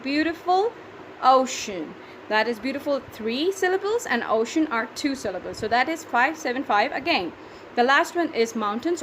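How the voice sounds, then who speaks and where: A woman teacher giving a patient classroom lesson, repeating words slowly as she counts syllables. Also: fairly high pitch, a little hiss or hum.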